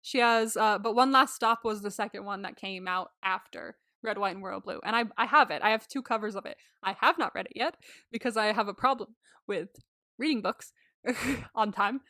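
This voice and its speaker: A woman's voice: medium pitch, normal speed, sharp tone, no room sound, clean studio sound. A woman co-hosting a podcast, chatting and rambling as she recaps a film. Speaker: podcast co-host. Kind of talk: casual chat recapping a film.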